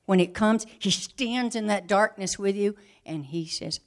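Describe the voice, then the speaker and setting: A woman preaching a sermon in a mid-pitched voice. She drops into intimate, breathy whispers, then rises to firm, insistent proclamations. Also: measured pace, few pauses. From southern United States. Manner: swings between hushed whispers and forceful emphatic declarations.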